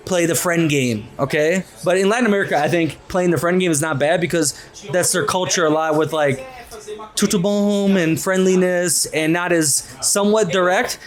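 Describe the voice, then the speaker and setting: A man's voice: high voice, normal speed. A man in his twenties on a casual podcast, giving blunt dating advice in a coaching tone, swearing and ending points with "okay?". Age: 20s. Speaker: podcast co-host.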